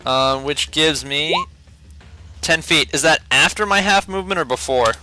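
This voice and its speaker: A man's voice: on the high side, moderate pace, pushed and bright, slight background noise. A man playing a tabletop game, thinking aloud and second-guessing his moves. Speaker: player.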